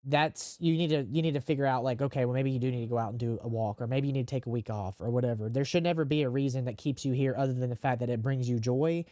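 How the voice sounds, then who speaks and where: A man hosting a gaming podcast, speaking candidly and emotionally, with deadpan jokes. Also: medium pitch, quick pace, few pauses, no echo, studio quality. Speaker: podcast host and live streamer. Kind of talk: casual podcast chat.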